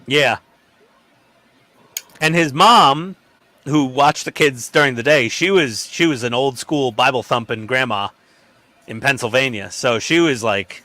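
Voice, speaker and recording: Bright-voiced man telling animated stories. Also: measured pace, pauses often, no echo. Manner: animated storyteller who acts out quotes with sudden pitch jumps. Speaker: model-building stream regular. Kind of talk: casual group chat while building.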